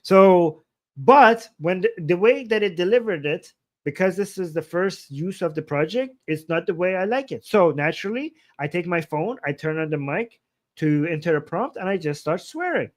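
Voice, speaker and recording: A man hosting a livestream, explaining his method in a blunt, animated, casual way and swearing freely. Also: high-pitched, normal speed. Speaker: livestream host.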